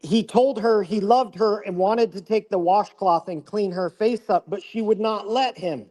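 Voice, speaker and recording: A man's voice: high-pitched, normal speed, a little mellow, big-room sound, low-quality recording. A man on a livestream steadily retelling a police report to the host. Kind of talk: recounting a document on a livestream.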